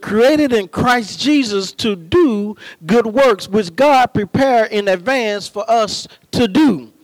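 Male preacher, very high voice, slow deliberate delivery, dry close sound, impassioned sermon. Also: dry recording, poor audio. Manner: impassioned, rising to shouts and drawn-out emphasis.

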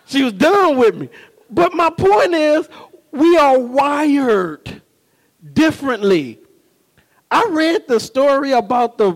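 A man preaching a sermon, animated and humorous, telling stories and often asking the congregation whether they follow him. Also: very high voice. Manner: humorous storytelling with laughs. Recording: long reverb of a large hall.

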